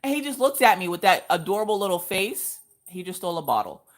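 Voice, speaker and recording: A woman hosting a craft livestream, telling a story in a sassy, blunt, animated way. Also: fairly low pitch, quick pace. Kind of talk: casual storytelling chat.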